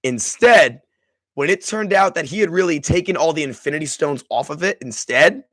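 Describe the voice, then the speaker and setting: Pitched on the high side, his voice has lively intonation, a moderate pace and a fairly bright tone, with no room sound. The man hosts a live stream and walks his chat through a film, effusive and emotional, with frequent restarts.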